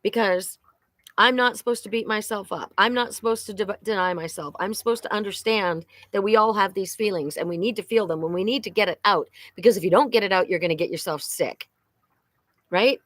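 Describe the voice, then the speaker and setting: A woman's voice: medium pitch, brisk, fairly bright tone, no echo. A middle-aged woman hosting a psychic live stream, talking candidly and emotionally, often repeating herself and swearing.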